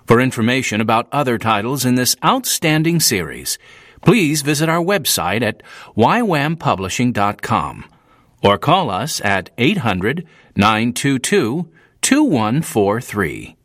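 Man narrating an audiobook, lively pitch. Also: unhurried, dry recording, studio quality.

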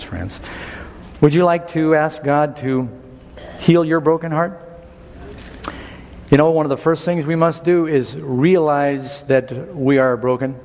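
Man preaching with a higher voice in a reverberant hall. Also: a little hiss or hum. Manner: storytelling, animated, rising to emphatic preaching. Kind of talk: sermon with personal story.

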